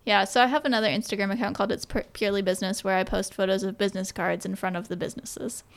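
A woman's voice: mid-range voice, fairly even intonation, very fast, gravelly. A woman hosting a podcast in casual chat, self-deprecating and chatty as she wraps up the episode. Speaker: podcast host.

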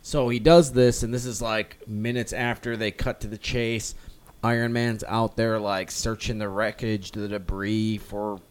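A man with a lowish, clean-toned voice and little pitch movement speaks unhurriedly while co-hosting a comic book podcast. He rambles casually, filling his talk with lots of "like" and restarts, and loosely acts out characters.

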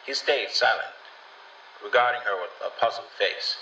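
A man narrates a children's story in a calm, even way, with a very bright, sharp tone. The recording is roomy and distant, with a slightly dull sound and faint room ambience. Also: mid-range voice, normal speed, a little hiss or hum. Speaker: storybook reader. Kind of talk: scripted narration.

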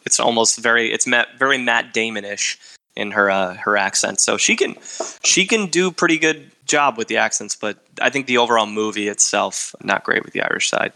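Male podcast host, gravelly and bright, laid-back and joking. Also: mid-range voice. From Michigan. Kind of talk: casual chat.

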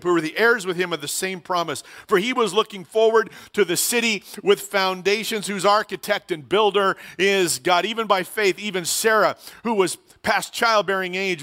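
A man's voice: high-pitched, pushed and bright. A middle-aged man preaching a sermon in a conversational way, asking rhetorical questions and repeating key phrases. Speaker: pastor.

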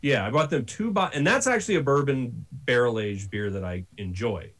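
A man telling stories in a casual podcast chat, animated and laughing often. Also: mid-range voice, normal speed.

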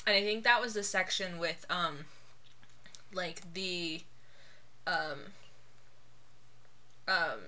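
A woman's voice: lowish voice, slow, long pauses, bright, forceful tone. A woman co-hosting a podcast in casual chat, rambling and laughing often. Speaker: podcast co-host.

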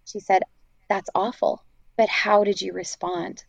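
A woman's voice: mid-range voice, level tone, measured pace, creaky, no room sound, dull audio. A woman sharing her own story of healing in a candid, reflective way, with plenty of fillers. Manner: earnest, reflective, many fillers. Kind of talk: candid faith testimony.

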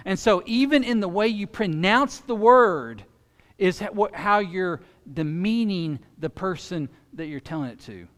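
Pastor, male, higher voice, animated sermon delivery, long hall reverb. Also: unhurried. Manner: animated preaching that swings between loud emphasis and quiet intensity.

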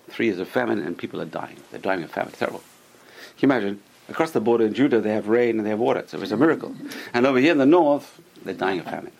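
A man teaching a Torah class to a small group, telling stories with animation and putting questions to his listeners. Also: medium pitch.

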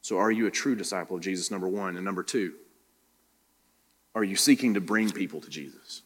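Low-voiced pastor preaching in a reverberant hall. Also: male voice, a little fast, fairly bright tone. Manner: preaching with many direct questions to the listeners. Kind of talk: sermon. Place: church room.

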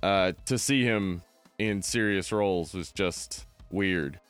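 Man from New Jersey, podcast co-host, rambling, laughs a lot, smooth voice. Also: low voice, slow pace, fairly bright tone, soft background music. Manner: laughs often, rambling with fillers. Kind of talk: casual movie chat.

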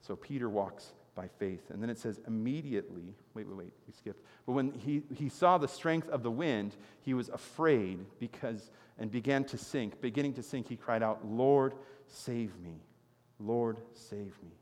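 A male pastor preaching a sermon, moving between loud, emphatic passages and quiet, earnest ones. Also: medium pitch, moderate pace, few pauses, in a large hall.

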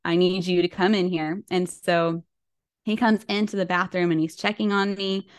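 A woman with a fairly low, smooth and resonant voice tells a personal story as a podcast guest. Her delivery is loose and chatty, full of fillers and light laughs. The recording is dry and close. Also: flat delivery, moderate pace, no echo. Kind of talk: casual storytelling.

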